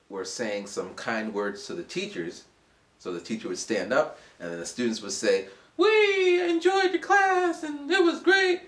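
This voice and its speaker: A man around forty, an English teacher, casually telling a rambling story for his vlog. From United States. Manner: animated, rambling, acts out voices in a high pitch. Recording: roomy echo.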